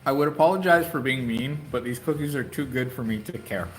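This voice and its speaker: A man's voice: medium pitch, a little fast, low-quality recording. A man hosting a live stream from inside a bike shop, chatting playfully and laughing often. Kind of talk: casual live-stream chat.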